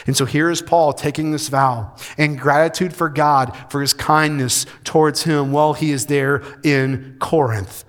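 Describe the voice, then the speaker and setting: A male pastor delivering a sermon, his fairly high voice rising to urgent emphasis and then dropping soft and close. The sound rings with the long reverb of a large hall. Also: steady tone, measured pace, few pauses. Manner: emphatic, swings between loud preaching and soft intimate delivery.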